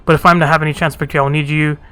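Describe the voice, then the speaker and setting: A man's voice: a little high, flat delivery, rapid-fire, bright, forceful tone, smooth. A man voicing a fierce, proud female huntress bent on vengeance, speaking in curt commands.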